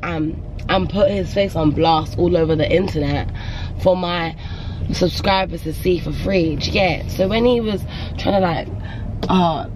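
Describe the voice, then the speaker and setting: Young woman, chatty and rambling vlogger on a phone recording with loud background noise. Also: on the low side. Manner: chatty, rambling, keeps asking "do you know what I mean". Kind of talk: casual vlog chat. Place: out and about, car, gym, home.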